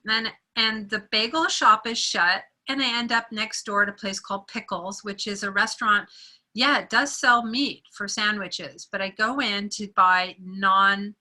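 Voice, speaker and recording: A woman sharing a personal story in a group meeting, animated and acting out the voices of the people she quotes. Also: mid-range voice, moderate pace, rough recording. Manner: animated storyteller who acts out quoted voices and laughs often. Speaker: meeting participant.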